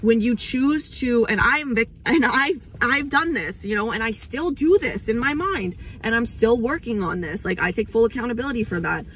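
A woman's voice: a little high, animated, moderate pace, hardly any pauses, a bit bright, a little hiss or hum. A young woman hosting an astrology channel, rambling in a casual spiritual monologue, swearing freely, and getting emotional at times.

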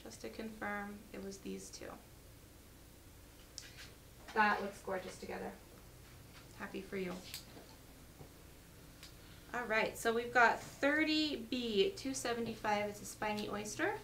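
A woman's voice: medium pitch, measured pace, vocal fry, long pauses, fairly bright tone, far from the mic, slight background noise, poor audio. A woman hosting a live jewelry sale, chatty and upbeat as she reads out lot numbers and prices, her voice getting worn. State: losing her voice.

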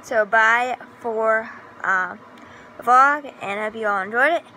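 A woman's voice: on the high side, a little slow, sharp tone, a little hiss or hum, rough recording. A woman vlogging in a casual, rambling way, often correcting herself and giggling. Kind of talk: casual vlog chat.

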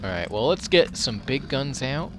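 A man giving let's play commentary over his gameplay. He reacts loudly and profanely, talks back at the enemies and mutters while he loots. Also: medium pitch, normal speed, background noise. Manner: excitable, profane, talks to the game as he plays. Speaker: gaming commentator.

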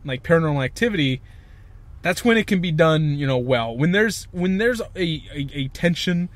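A man's voice: fairly high pitch, animated, moderate pace, no echo. A young man co-hosting a casual podcast, ranting emphatically and swearing a lot. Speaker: podcast co-host. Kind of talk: casual chat.

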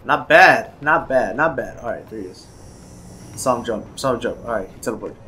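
A young man giving excited gameplay commentary as a video host, chattering nervously and shouting when he wins. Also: mid-range voice, normal speed, background noise.

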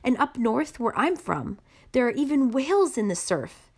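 A woman's voice: a little high, sing-song, moderate pace, voice pushed up. A woman reading aloud, voicing an old grandmother who fondly recalls her island for a child.

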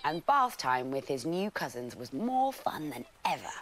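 Expressive woman reading a bedtime story. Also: low-pitched, a little slow, hardly any pauses, a little hiss or hum.

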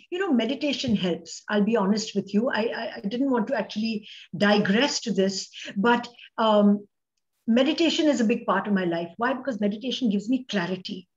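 Muffled, lo-fi audio with a roomy echo captures a woman giving a motivational speech as a guest. Speaking Indian English in a high, ringing voice, she stresses points dramatically and drops in Hindi phrases.

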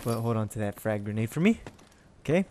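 A man's voice: fairly low pitch, sing-song, fairly quick, noisy background. A man giving casual gameplay commentary, playfully taunting and trash-talking his opponents. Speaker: gaming channel host. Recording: loud game gunfire behind voice.

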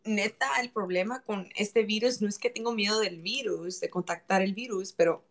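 Speaking fairly quickly in a mid-range voice, this young woman runs a casual livestream where she rambles and jokes with viewers. Playful teasing is part of her style, and Spanish slang slips in among her English.

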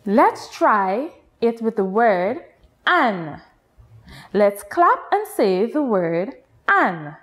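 A woman with a Guyanese accent teaching a nursery class, speaking patiently and drawing out her words for young children. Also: sits high. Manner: patient, sing-song, drawn-out teacher talk with exaggerated rises. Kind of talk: slow, deliberate children's lesson.

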